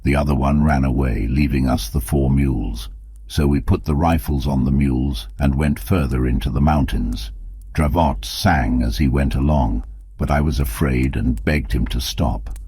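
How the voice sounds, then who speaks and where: A man reading an audiobook as narrator in steady, measured scripted narration, on a close mic. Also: very deep voice, breathy edge, no echo.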